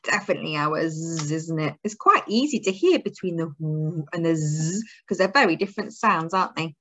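A woman's voice: low-pitched, lively intonation, brisk, bright, forceful tone. A woman teaching a phonics lesson to young children, drawing out her words in a sing-song, encouraging way. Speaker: early years teacher.

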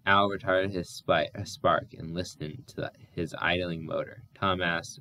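A man's voice: low voice, fairly even intonation, unhurried, sharp tone, slight background noise. A man reading a novel aloud as an audiobook narrator, often stumbling and correcting his words.

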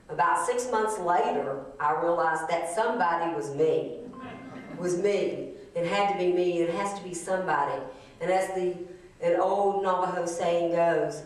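Earnest Appalachian woman giving a keynote. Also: on the low side. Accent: Appalachian, Southern West Virginia. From Southern West Virginia. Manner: earnest personal storytelling, plainspoken with fillers. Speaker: keynote speaker, environmental activist. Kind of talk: conference keynote speech.

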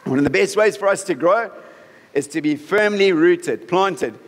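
A man's voice: sits high, normal speed. A man preaching a sermon as pastor in a conversational way, often checking in with the congregation. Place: church hall. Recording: reverberant church hall.

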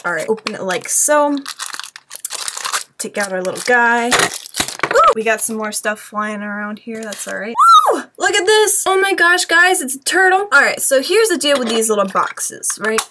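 A woman chatting excitedly to viewers while unboxing toys, gushing and gasping over each find. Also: on the high side, slight background noise. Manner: gushing and excitable, gasps, addresses viewers as guys. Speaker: toy unboxing vlogger. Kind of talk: excited unboxing chat to camera.

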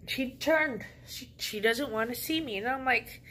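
A woman's voice: fairly high pitch, a little slow, few pauses. Sassy, slangy woman telling a story. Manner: sassy, slangy, animated retelling. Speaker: vlogger. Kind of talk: casual storytelling.

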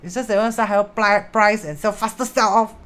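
Her mid-range voice is steady, brisk and fairly bright. She's a Singaporean feng shui teacher chatting loosely on a live stream, mixing in Hokkien and Mandarin words and pausing her explanations to greet viewers.

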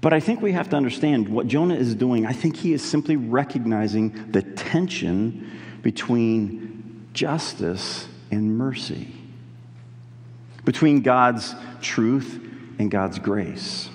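A male pastor preaching in an earnest, conversational way, leaning on key words with slow pauses. His mid-range voice carries a long reverb through a large church hall. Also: mid-range voice, darkish tone. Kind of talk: sermon.

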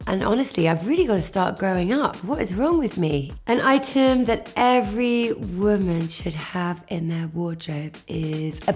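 A chatty English woman in her thirties, laughing at herself as she rattles off quick answers from her home. Her voice sits a little low for a woman. Soft music plays faintly underneath. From England. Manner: giggly, self-mocking, chatty. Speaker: actress interviewee. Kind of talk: quick-fire interview answers to camera. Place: at home indoors.

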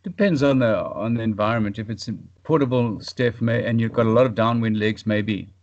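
A man from South Africa, a paragliding pilot and podcast guest, chatting casually and trailing off into quiet fragments. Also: fairly low pitch, fairly quick, lo-fi sound.

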